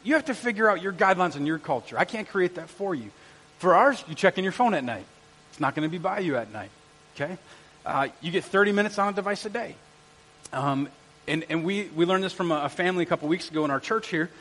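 A middle-aged male pastor preaching a lively sermon in a church auditorium, quizzing and joking with the congregation. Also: sits high, fast talker. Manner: energetic, jokey, quizzes the congregation. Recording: long church hall reverb.

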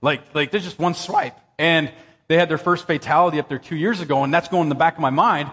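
High, lively preacher in a big hall. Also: male voice, fast talker. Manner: animated, excitable storyteller who jumps to high exclamations. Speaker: pastor. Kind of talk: sermon with personal storytelling. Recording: long reverb of a church hall.

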